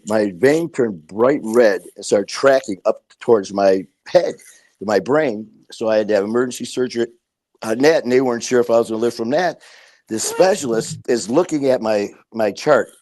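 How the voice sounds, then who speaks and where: A man's voice: medium pitch, moderate pace, a little mellow. A man as a podcast guest, telling his story casually and bluntly, swearing and acting out what people said. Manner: blunt, profane, acts out quoted dialogue.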